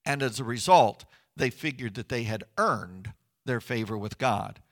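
A man's voice: medium pitch, expressive, unhurried, a bit bright. A middle-aged man preaching a sermon as pastor, earnest and conversational, with emphatic rises.

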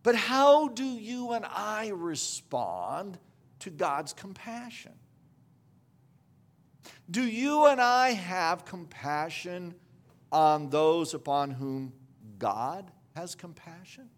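A man's voice: sits high, expressive, slow pace. A man preaching a sermon in a conversational storytelling manner, with frequent restarts and asides.

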